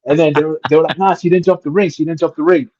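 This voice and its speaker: Animated man telling wrestling stories. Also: fairly high pitch, very fast, no echo, lo-fi sound. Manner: animated, acts out voices in his stories. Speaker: guest wrestler. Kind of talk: casual storytelling interview.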